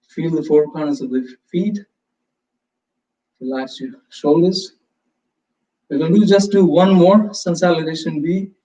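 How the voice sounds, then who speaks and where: Guy teaching yoga live, fairly high voice, calm slow cues, echoey room, kinda muffled. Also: a little hiss or hum. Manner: calm, slow step-by-step cues with breath prompts. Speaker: yoga instructor. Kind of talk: live yoga class instruction. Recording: roomy, distant, slightly dull sound.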